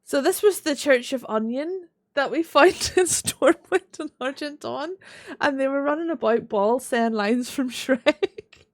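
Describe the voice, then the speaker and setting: Casually chatting as she streams a game, a woman with a Northern Irish accent swears freely and laughs often. Her high-pitched voice is expressive and unhurried.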